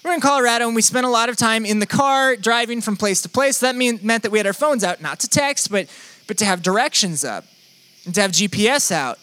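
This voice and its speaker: A man's voice: high voice, lively intonation, fairly quick, sharp tone, dry recording. A young man preaching a sermon in a conversational, playful, self-deprecating way. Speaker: pastor.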